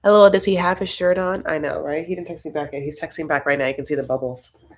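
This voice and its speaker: A woman's voice: deep voice, steady tone, fast. A young woman hosting a casual live-stream chat from home, rambling through her thoughts and reading viewer comments aloud. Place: home, Los Angeles.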